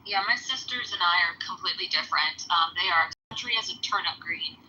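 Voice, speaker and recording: A woman's voice: fairly low pitch, brisk, bright, forceful tone. A woman with a Midwestern American accent chatting casually and effusively on a podcast call. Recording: muffled online call audio, faint hiss.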